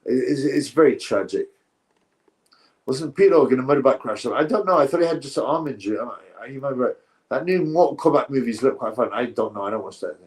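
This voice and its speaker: A man's voice: mid-range voice, expressive, quick pace. A man hosting a live boxing stream, chatting through viewer comments in a rambling, opinionated way and often correcting himself mid-sentence.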